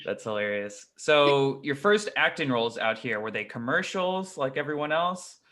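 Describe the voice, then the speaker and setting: A male host runs a relaxed interview in a bright, forceful voice. He is attentive and encouraging, dropping in short affirmations as his guest talks. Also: mid-range voice, normal speed. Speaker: podcast host. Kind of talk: casual interview chat.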